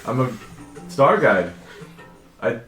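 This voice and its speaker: A man's voice: medium pitch, sing-song, takes it slowly, a bit bright, echoey room, soft background music. A man voicing a jovial male star guide, talking in a hearty, familiar way. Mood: friendly. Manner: hearty, familiar, calls people bastards affectionately. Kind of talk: tabletop role-play.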